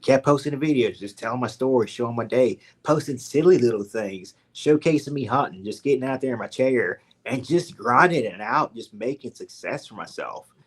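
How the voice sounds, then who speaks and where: A man's voice: medium pitch, expressive, moderate pace, breathy edge. A young man from Louisiana with a Southern accent, a podcast guest telling his story casually and animatedly, full of "like" and "man". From Louisiana, USA.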